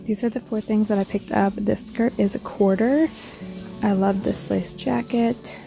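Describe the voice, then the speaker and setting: A woman's voice: medium pitch, steady tone, measured pace, gravelly. A young woman, congested from a cold, chatting casually and upbeat as a thrift vlogger. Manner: chatty, upbeat, filler-heavy. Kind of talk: casual vlog chat. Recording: music playing behind the voice.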